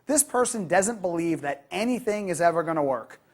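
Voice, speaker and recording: Woman trainer teaching customer service, low-ish voice that swoops around a lot, kinda husky. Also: a little fast. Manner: lively, acts out quoted customers. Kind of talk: training lecture.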